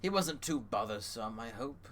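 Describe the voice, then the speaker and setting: A man voicing a small white-furred male creature who greets guests warmly, in a raised, eager voice for a tabletop game. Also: mid-range voice, expressive, moderate pace, natural voice. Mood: welcoming.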